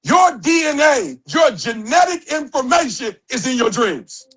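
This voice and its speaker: A man giving a motivational speech to a live audience, casual and slangy, building up to emphatic shouted calls to action. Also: very high voice, big pitch swings, unhurried, breathy edge, low-quality recording. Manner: emphatic and conversational, with slang and rising shouted exhortations. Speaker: motivational speaker.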